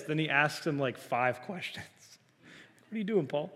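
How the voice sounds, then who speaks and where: A soft-spoken male pastor with a somewhat high voice, pushing himself to project as he preaches. He keeps turning to the congregation with questions and gives loud, emphatic readings of quoted lines. His voice rings with a long reverb from the church hall. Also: expressive, moderate pace. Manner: self-described soft-spoken, trying to project. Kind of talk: sermon. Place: church sanctuary.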